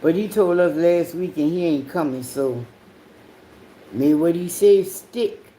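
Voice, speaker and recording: A woman hosting her own podcast, telling rambling, profanity-heavy stories in a casual monologue, swinging between loud outbursts and low mutters. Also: measured pace, a little hiss or hum. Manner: profane, rambling storytelling with frequent swearing. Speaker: podcast host.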